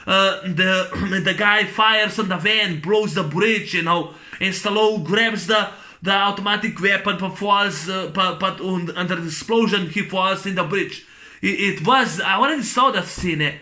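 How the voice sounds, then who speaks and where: A man's voice: high voice, measured pace, sharp tone. A man with giving a profane, rambling movie rant, full of fillers and restarts. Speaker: movie reviewer.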